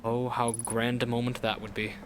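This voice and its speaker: A man's voice: mid-range voice, completely flat delivery, moderate pace, noisy background. A man giving casual gameplay commentary as he plays, thinking aloud and rambling with lots of filler words. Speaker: let's play gamer.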